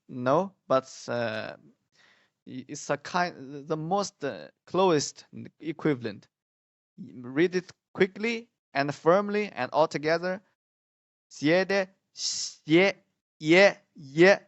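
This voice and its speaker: Very slow-talking man teaching pinyin. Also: fairly high pitch, dry recording, dull audio. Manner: repeats syllables loudly, halting explanations with many fillers. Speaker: Mandarin teacher. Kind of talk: slow pinyin pronunciation lesson.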